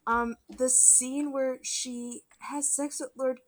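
A woman's voice: high-pitched, flat delivery, takes it slowly. A woman chatting casually on a podcast, rambling and self-conscious, a little emotional. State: emotional, close to tears. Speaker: podcast co-host. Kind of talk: casual chat.

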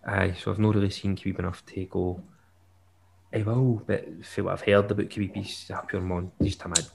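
Chatty man, low voice. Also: little pitch movement, fast talker, vocal fry. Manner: chatty, jokey, with bursts of laughter. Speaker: podcast co-host. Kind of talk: casual chat.

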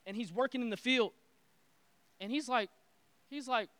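A man preaching a sermon with energetic, repetitive call-and-response phrasing. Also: very high-pitched, moderate pace, pauses often, dry recording, studio quality. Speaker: pastor.

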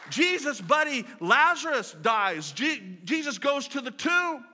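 A man preaches at a church service in a high, bright voice. His delivery is energetic and folksy, full of restarts and repeated words. A long reverb trails each phrase through the hall. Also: a little slow, few pauses, a faint crowd, slight background noise. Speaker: pastor. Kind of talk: sermon.

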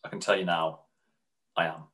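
A man co-hosting a podcast in casual chat, telling animated stories and slipping into quick mimicked voices of other people. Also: deep voice, poor audio. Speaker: podcast co-host.

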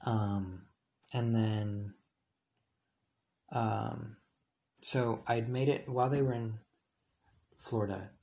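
A young man with a somewhat low voice and a gravelly, vocal-fry edge tells a personal story. He rambles, leans on filler words and keeps correcting himself mid-sentence. It sounds like a casual storytime monologue. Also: darkish tone. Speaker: high school student telling a personal story.

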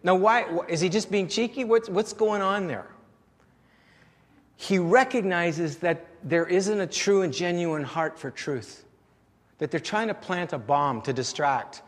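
A man's voice: high voice, a little slow, long reverb tail. A male pastor preaching a sermon in a conversational, storytelling way, often chuckling.

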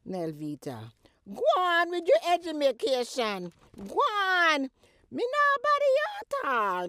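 A woman's voice: low-pitched, dry recording, voice pushed down. Woman doing a jamaican mama roasting her kid, voice swooping all over, dry close sound. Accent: Jamaican patois. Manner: teasing, scolding, big swoops and cackles. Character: scolding older Jamaican mother, sharp-tongued and mocking. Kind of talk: comedy skit monologue.

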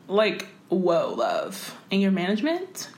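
A young woman co-hosting a casual chat, emphatic and slangy, quick to agree. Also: mid-range voice.

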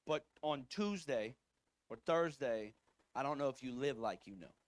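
A man's voice: medium pitch, lively intonation, unhurried, dry recording. A man preaching a sermon as pastor, telling a story in a casual, conversational way with frequent asides. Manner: conversational storytelling, fillers like "like" and "right?".

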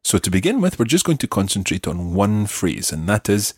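Husky-voiced man teaching a lesson. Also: fairly low pitch, big pitch swings, dry recording, clean studio sound. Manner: clear, deliberate teaching, slows down to model words. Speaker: language course host and teacher. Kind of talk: scripted language lesson. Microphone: close studio mic.

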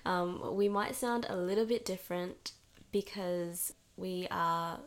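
A woman's voice: fairly low pitch, takes it slowly. Hungover young Australian woman, giggly. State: slightly hungover. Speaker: podcast co-host. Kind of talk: casual chat.

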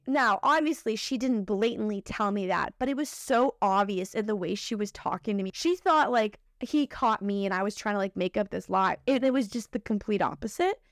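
A young woman hosting a podcast, telling a personal story in an animated, emotional, profane way. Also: medium pitch, fairly quick, hardly any pauses, no room sound, studio quality. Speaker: podcast host.

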